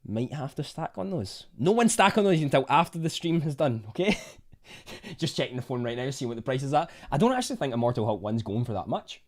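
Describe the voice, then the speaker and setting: A man's voice: mid-range voice, big pitch swings, brisk. A Scottish man hosting a casual livestream, chatting to viewers in a rambling way and often restarting his sentences. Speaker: livestream host reading chat. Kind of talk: casual live chat.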